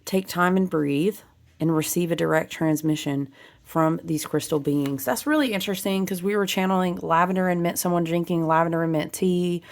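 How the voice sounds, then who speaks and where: A woman with a low, gravelly voice chats through a spiritual card reading. She drifts between reading card text aloud and loose asides to her viewers, laughing easily. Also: moderate pace. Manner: warm, chatty, laughs often, reads card text aloud. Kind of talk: casual oracle card reading.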